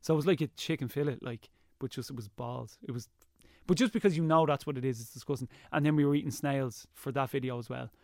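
A young Irish man chatting as an interview guest, telling lively stories and slipping into impressions. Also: medium pitch, quick pace, no echo, clean studio sound. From Ireland. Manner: lively storyteller, slips into impressions. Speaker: guest, YouTuber. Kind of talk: casual interview chat.

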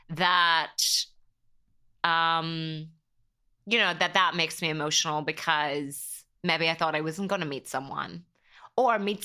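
A woman's voice: on the low side, sharp tone. An Irish woman in her thirties, a podcast guest talking in a chatty, rambling way and getting openly emotional. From Ireland. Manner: chatty, rambling, heavy use of "like". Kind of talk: casual interview chat.

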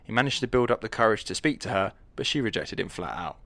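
A man's voice: fairly low pitch, animated, quick pace, gravelly, fairly bright tone, dry recording. A young man co-hosting a podcast in casual, jokey chat, rambling and acting out quoted lines. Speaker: podcast co-host.

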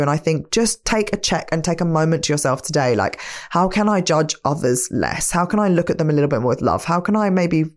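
A woman hosting a podcast, telling a personal story in an earnest, reflective motivational monologue. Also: deep voice. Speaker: podcast host.

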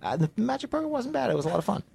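A middle-aged man, a guest in a casual conversation, telling stories in a rambling, halting way and mocking himself. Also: high voice, sing-song, creaky, darkish tone, breathy edge. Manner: rambling storyteller, halting with fillers, self-mocking.

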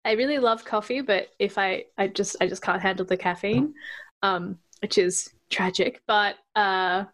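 A woman's voice: medium pitch, normal speed, a bit bright. A woman, a podcast guest chatting casually and giggling often, with hesitant starts. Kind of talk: casual chat.

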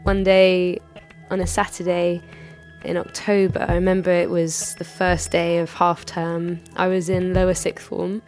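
A woman's voice: lowish voice, monotone, unhurried, a little mellow, soft background music. A woman in her thirties telling a personal anecdote in a candid, chatty way. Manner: candid, chatty retelling with frequent hedges. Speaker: storyteller.

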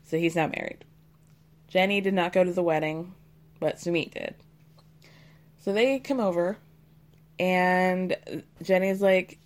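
A woman hosting a podcast, casually retelling a reality-show storyline in a chatty, animated way. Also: fairly low pitch, measured pace, pauses often. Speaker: podcast host.

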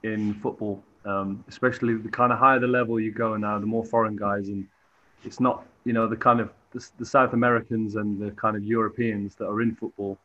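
A man's voice: lowish voice, flat delivery, a little fast, pushed and bright. A man from England, a football goalkeeper, answering interview questions hesitantly with many restarts. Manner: hesitant, lots of fillers and restarts. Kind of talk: relaxed sports interview. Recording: dull lo-fi audio.

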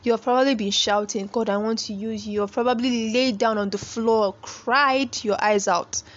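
A woman's voice: on the high side, fairly even intonation, moderate pace, lo-fi sound. A young woman hosting a faith podcast, speaking earnestly and pleading with listeners like a preacher. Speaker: podcast host.

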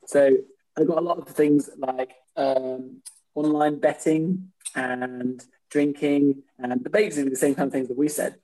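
Mellow-voiced hesitant man. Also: on the high side, fairly even intonation, measured pace, low-quality recording. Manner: rambling, hesitant, lots of "like" and "I mean". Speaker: podcast co-host. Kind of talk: casual chat.

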